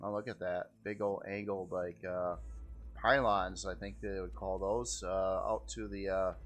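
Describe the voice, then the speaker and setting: A man's voice: deep voice, steady tone, a little slow, a bit bright, faint music behind. A man giving casual, rambling gameplay commentary as host, easygoing and often repeating how cool things look. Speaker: game video host.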